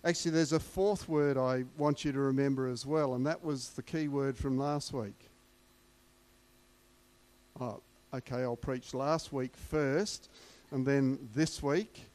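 A man's voice: mid-range voice, fairly even intonation, a little slow, a little mellow. A man preaching a sermon, emphatic and repeating key words for weight.

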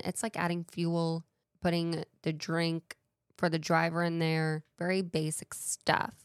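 A woman's voice: fairly low pitch, smooth, no room sound, clean studio sound. A woman hosting a casual solo talk show with a playful, chatty way of wandering into tangents. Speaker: podcast host.

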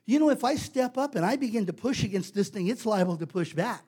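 A man preaches in a casual, conversational way, leaning on repetition for emphasis. His voice sits very high for a man. The delivery stays emphatic and direct. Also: animated, quick pace, few pauses, darkish tone. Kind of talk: sermon.

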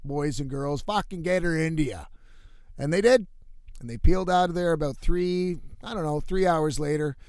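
A man with a fairly high voice rambles through a story, swearing freely and casually. He sounds dry and close to the mic, speaking from inside a van. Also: dry recording. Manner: profane, rambling, animated storytelling. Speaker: musician living in a van.

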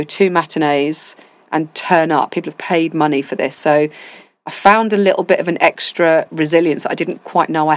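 Low-voiced woman telling lively stories. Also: no echo. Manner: animated storytelling with quoted asides. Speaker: deputy head of school, interview guest. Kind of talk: casual interview chat.

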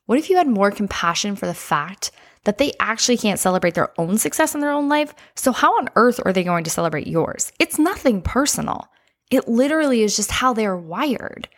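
A woman life coach delivers a casual podcast monologue in a gravelly, mid-range voice. She is energetic and chatty, says "like" often, and speaks directly to her listeners.

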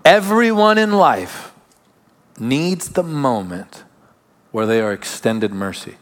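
A man's voice: medium pitch, big pitch swings, slow. Preaching man in a reverberant hall. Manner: emphatic preaching with sudden drops to quiet asides. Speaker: pastor. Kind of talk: sermon.

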